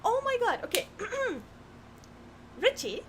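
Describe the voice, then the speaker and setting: A woman co-hosting a game stream in casual, excitable chat, often flustered. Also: very high-pitched, slow pace, over a noisy crowd. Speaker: streamer co-host.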